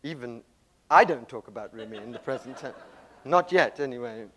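A man giving a spiritual talk, telling a story dramatically and swinging between loud passages and hushed ones. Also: mid-range voice, expressive, normal speed. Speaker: speaker.

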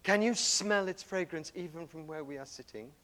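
A man voicing a gentle, wise little old man who asks quiet, patient questions. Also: a little high, normal speed, long reverb tail, lightly acted.

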